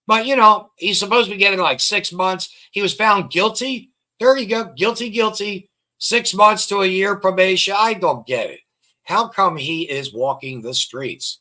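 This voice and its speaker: Man, rambling, scornful, repeats himself, bright voice. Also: high-pitched, animated, normal speed. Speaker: online show host. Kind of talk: casual commentary reading out records.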